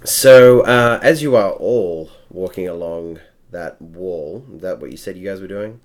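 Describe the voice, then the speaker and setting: Man, game master, very deep voice, halting, lots of fillers. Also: a little mellow. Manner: hesitant, many fillers. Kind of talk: running a tabletop game.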